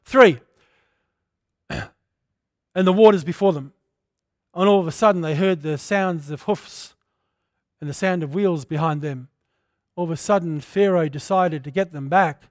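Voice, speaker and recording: High-voiced preacher, impassioned. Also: male voice, a little slow, long pauses, no echo, clean studio sound. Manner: impassioned preaching, swinging between loud declarations and hushed storytelling. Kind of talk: sermon.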